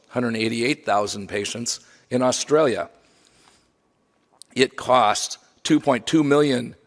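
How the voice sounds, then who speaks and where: A man giving a memorial lecture from slides, conversational with wry asides. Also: medium pitch. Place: lecture hall. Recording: long hall reverb.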